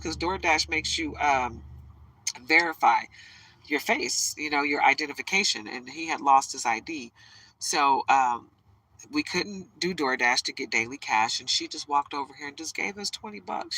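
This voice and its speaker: Bright-voiced woman chatting on a livestream. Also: low-pitched, no room sound, poor audio. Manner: rambling, chatty, emotional. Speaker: tarot reader livestreaming. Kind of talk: casual livestream chat.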